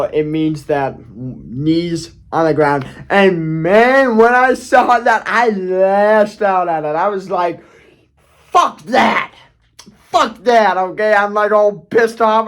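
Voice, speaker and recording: High-voiced rambling man telling a story. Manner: rambling, keeps asking "okay?", restarts, swears. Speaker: YouTuber. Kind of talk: casual storytelling vlog.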